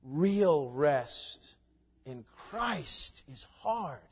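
A man with a fairly high voice preaches a sermon, dropping to quiet conversational asides and then building to loud, emphatic climaxes. His voice rings out with a long reverb trail. The sound is dull and lo-fi. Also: sing-song, very slow, husky. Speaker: pastor.

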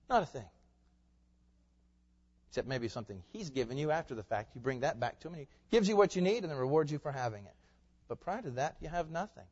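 Male pastor, animated sermon delivery, fairly high voice, muffled recording in an echoing hall. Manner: animated preaching, swinging from loud emphatic peaks to low asides. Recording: muffled sound in a reverberant hall.

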